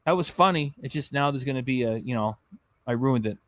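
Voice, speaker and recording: A man's voice: medium pitch, animated, brisk, fairly bright tone, dry recording. A man hosting a reaction channel, chatting casually and jokingly on a livestream, rambling and slipping into silly voices.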